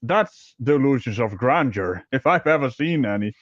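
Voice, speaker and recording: A man's voice: mid-range voice, animated, moderate pace, dry recording, dull audio. A man giving casual, sarcastic commentary on a video with co-hosts. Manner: sarcastic, mocking. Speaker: co-host reacting to a video.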